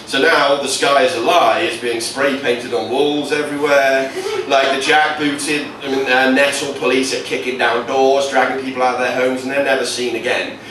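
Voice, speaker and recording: A man's voice: medium pitch, level tone, normal speed, few pauses, a bit bright, recorded from a distance. A man doing stand-up comedy, rambling into absurd stories. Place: comedy venue. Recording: echoey venue from afar, noisy.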